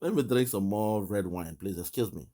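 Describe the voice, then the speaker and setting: A man's voice: lowish voice, moderate pace, warm tone. A man giving impassioned live commentary, emphatic and mocking, often laughing at the person he criticises. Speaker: online political commentator.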